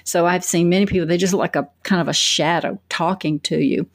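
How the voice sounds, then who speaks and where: A woman's voice: fairly low pitch, steady tone, brisk, no echo, studio quality. A woman answering interview questions as a public speaking coach, telling stories energetically with quoted asides.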